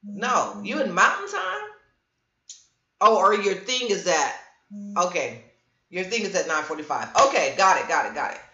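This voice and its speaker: A woman's voice: lowish voice, moderate pace, long pauses. A middle-aged woman hosting a casual livestream, telling stories with lots of voices and answering viewer comments. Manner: animated storyteller, reads viewer comments aloud. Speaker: livestream host. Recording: roomy, dull lo-fi stream audio.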